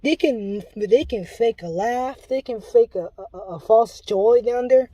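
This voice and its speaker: A man's voice: extremely high pitch, a little slow, dark tone, no echo. A man delivering an impassioned spoken warning, pleading and urgent in a preachy way, often restarting his sentences. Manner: rambling with restarts. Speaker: self-described Luciferian giving a testimony.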